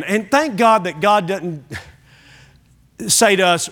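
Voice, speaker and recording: A man's voice: high-pitched, takes it slowly, fairly bright tone. A man preaching a sermon to a church congregation, emphatic and repetitive, putting questions directly to his listeners. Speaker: pastor. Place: church sanctuary.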